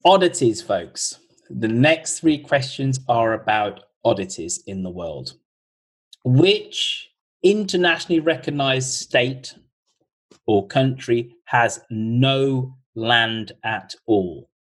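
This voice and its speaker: Male podcast host, husky, mid pitch, casual quiz-master on a video call. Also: lively intonation, low-quality recording. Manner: chatty, reads questions slowly twice.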